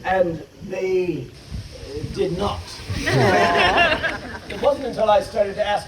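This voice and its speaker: A man's voice: high-pitched, big pitch swings, slow pace. A man performing a live comic poetry show outdoors, teasing the crowd in a wry, crude way. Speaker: poet performing a stage show. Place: outdoor stage in a meadow with benches. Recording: distant echoing outdoor live recording, noisy.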